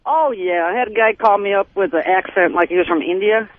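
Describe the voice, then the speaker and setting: A woman's voice: medium pitch, a little fast, no room sound. A woman with a Texan accent calling in to a radio show, telling a story in a brash, profane way. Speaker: caller. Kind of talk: phone-in storytelling. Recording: muffled radio audio.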